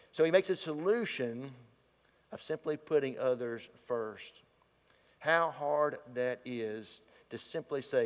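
A man preaching a sermon in a folksy, plain-spoken way, reading scripture aloud. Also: medium pitch. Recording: dull sound, long hall reverb.

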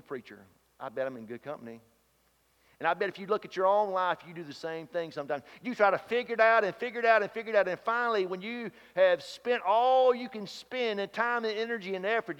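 A man preaching a sermon in a folksy, animated way, asking his listeners rhetorical questions. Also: high-pitched. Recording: dull sound with long hall reverb.

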